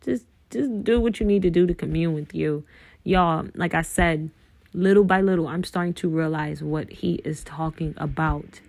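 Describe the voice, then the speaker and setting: Woman, gravelly low voice, casual spiritual talk, earnest, swears freely, dry close sound. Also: moderate pace, darkish tone, no room sound. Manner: earnest, profane, addresses listeners as y'all. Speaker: podcast host.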